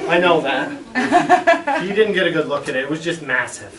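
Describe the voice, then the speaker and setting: A man's voice: on the high side, brisk, a loud crowd, very noisy. A middle-aged man, a school superintendent, telling a playful story to a class of children and acting out the voices. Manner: playful, dramatic, acts out voices. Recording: echoey room, mic far off, children around.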